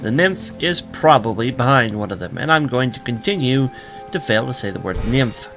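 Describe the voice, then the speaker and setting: A man's voice: medium pitch, lively intonation, normal speed, a bit bright, faint music behind. A tired man hosting a video game let's play, making joking asides.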